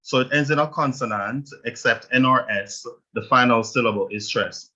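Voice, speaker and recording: Jamaican male teacher, bright forceful tone, slightly dull lo-fi sound, patient step-by-step explainer. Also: mid-range voice, moderate pace. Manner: explains step by step, checks in with "right?". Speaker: Spanish teacher. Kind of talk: online language lesson.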